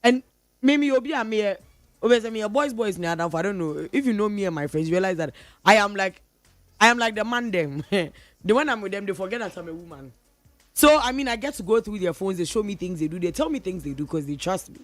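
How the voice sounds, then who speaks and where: Animated Ghanaian woman radio host. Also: medium pitch, quick pace, no room sound, faint music behind. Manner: animated, playfully mimics friends' voices. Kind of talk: casual radio talk mixing English and Twi. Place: radio studio.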